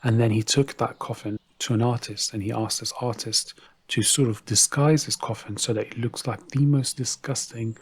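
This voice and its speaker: A man's voice: medium pitch, steady tone, normal speed, husky. A man narrating a story in a casual, conversational way, with asides to the listener.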